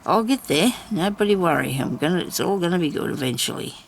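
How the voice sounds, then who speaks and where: A woman's voice: lowish voice, lively intonation, quick pace, creaky, slight background noise. An older woman chatting to herself while she crafts at a table at home. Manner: chatty, talks to herself, laughs often. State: seated, busy cutting and inking. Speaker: crafter hosting a journal video. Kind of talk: casual crafting chat.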